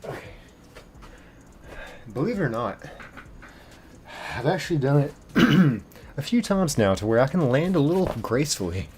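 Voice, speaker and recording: A man hosting a casual live stream, reading viewer comments aloud in an animated way, laughing easily and thanking viewers by name. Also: a little high, normal speed, pauses often, slight background noise. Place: apartment bedroom.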